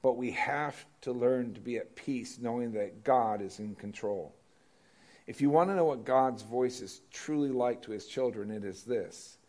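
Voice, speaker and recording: A man's voice: medium pitch, unhurried, darkish tone. Man preaching conversationally to a congregation. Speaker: pastor. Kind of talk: sermon.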